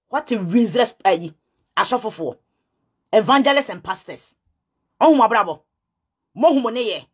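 A woman's voice: mid-range voice, husky. A Ghanaian woman ranting to camera, scolding and repeating herself, switching between her language and English. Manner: scolding, repetitive, mixes in English. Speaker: self-styled prophetess. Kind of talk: heated rant to camera.

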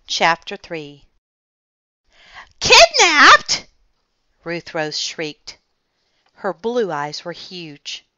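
A woman reading a children's mystery book aloud in a calm, measured way. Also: sits low, smooth, dry recording. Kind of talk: read-aloud storytelling. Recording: slightly muffled dry recording.

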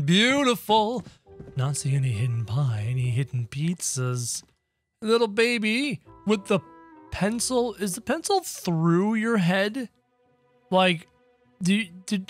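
A man doing excitable, jokey let's-play commentary, talking to his viewers as he plays. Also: sits high. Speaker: gaming commentator.

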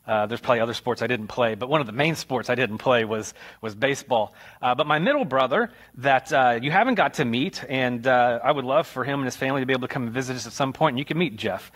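A man's voice: medium pitch, fast talker, hardly any pauses. Man preaching a storytelling sermon. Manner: storytelling with rising animated retellings. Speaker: pastor. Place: church sanctuary.

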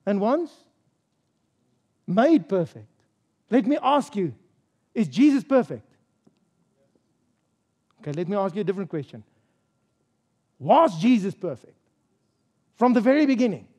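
A man with a high voice and a mellow, darker tone preaches a sermon at a church service. He drives his points home emphatically, quizzing the congregation and repeating key phrases. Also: sing-song, measured pace, long pauses. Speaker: pastor.

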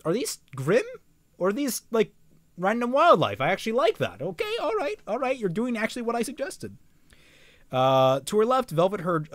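A man's voice: on the high side, a bit bright, dry recording. A young man reading a novel aloud on a live stream, often stumbling, rereading phrases and breaking off to make joking comments.

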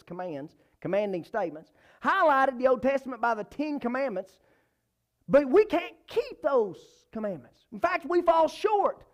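A man delivers a church sermon in a fairly high voice. He preaches with emphasis, repeating key phrases and swinging between loud passages and soft, low ones. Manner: emphatic, repeats phrases, rises and falls in pitch and volume.

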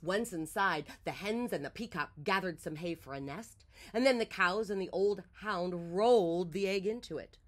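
A woman reading a children's picture book aloud, with expressive storytelling. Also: lowish voice, moderate pace.

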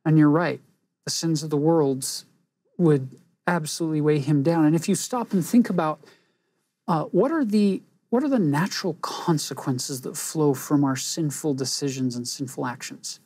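A woman teaching a scripture lesson in an earnest, reflective way, pausing for emphasis. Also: sits low, warm tone, husky, no echo.

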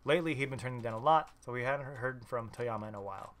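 A man casually reading a visual novel aloud as a let's player, with quick reactions of his own. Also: medium pitch, fairly bright tone. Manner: casual, swears in surprised reactions.

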